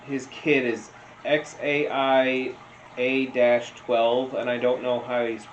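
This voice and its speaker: A man gives casual meme reaction commentary, rambling slowly, telling stories and laughing a lot. His voice is medium-pitched with little pitch movement, and the recording is roomy, dull and lo-fi with faint noise.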